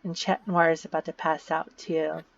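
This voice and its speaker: A woman's voice: low voice, level tone, moderate pace, vocal fry. A woman casually narrating a game story, explaining events with fillers and repeated words, on a dull lo-fi recording. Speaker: video narrator.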